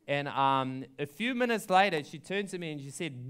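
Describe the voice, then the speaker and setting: Chatty young man with a clear voice. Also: high-pitched, expressive, brisk, fairly bright tone. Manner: chatty, frequent ums and likes, laughs at his own story. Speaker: pastor. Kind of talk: storytelling sermon.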